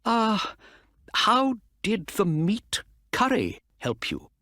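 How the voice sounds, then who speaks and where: A man voicing an excitable older male racehorse owner who exclaims loudly. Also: high voice, drawn-out words, no room sound, studio quality, voice pushed up, heavily acted. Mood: puzzled.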